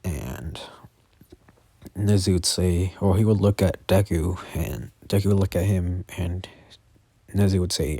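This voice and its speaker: A tired man makes up a story as he goes, in a very deep, slow voice. He stops, restarts and corrects himself often. The sound is dry and close. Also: dark tone, slightly rough, no echo. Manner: halting, self-correcting, many fillers. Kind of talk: improvised fan story narration.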